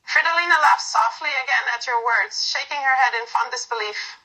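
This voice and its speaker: A woman narrating a bright-voiced romance. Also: high-pitched, fairly quick, rough recording. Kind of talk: second-person romantic story narration.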